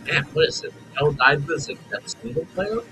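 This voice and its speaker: A man casually reacting to game trailers with relaxed, musing asides. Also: fairly high pitch, normal speed, low-quality recording. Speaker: reaction video host. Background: trailer music playing.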